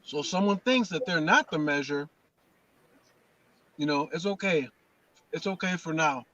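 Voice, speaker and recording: A man's voice: on the high side, lively intonation, unhurried, sharp tone, muffled recording. A man leading casual spiritual talk, restarting and repeating words with preacherly emphasis. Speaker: host.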